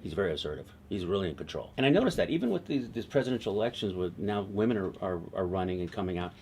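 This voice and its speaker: A male television writer in an interview, telling an anecdote in an animated way and acting out other people's lines. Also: sits low, very fast, a little hiss or hum.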